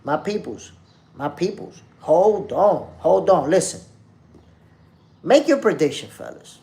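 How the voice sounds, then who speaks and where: Man, boxing stream host, raised pitch, gravelly texture, casual slangy chat. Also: big pitch swings, slow, dark tone. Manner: loose slangy street talk, addresses chat directly. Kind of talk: casual live-stream chat reading comments.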